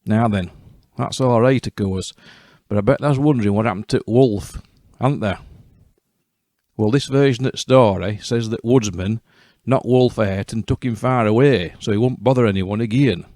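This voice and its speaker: Low-voiced Yorkshire storyteller, wry. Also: male voice, moderate pace, a little mellow, no room sound, studio quality. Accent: West Riding Yorkshire. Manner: broad dialect, wry asides to the listener. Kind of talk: dialect fairy-tale narration.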